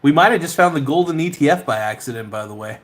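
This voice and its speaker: A man's voice: a little high, lively intonation, quick pace. Laid-back man rambling on a podcast. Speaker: podcast host. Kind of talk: casual chat reading viewer comments.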